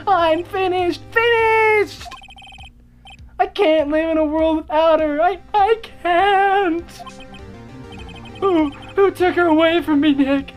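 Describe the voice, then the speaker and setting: A woman voicing a hysterical, melodramatic young man in a game, wailing and shouting. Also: extremely high pitch, voice pushed up.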